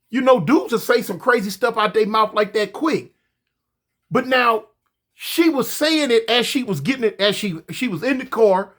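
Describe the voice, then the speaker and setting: A man telling a story casually, animated and profane, often stammering and repeating himself. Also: extremely high pitch.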